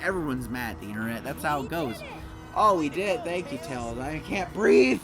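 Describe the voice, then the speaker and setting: A man's voice: on the high side, lively intonation, normal speed. A man in his twenties doing rambling, profane let's play commentary over a game. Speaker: gameplay commentator. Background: game music.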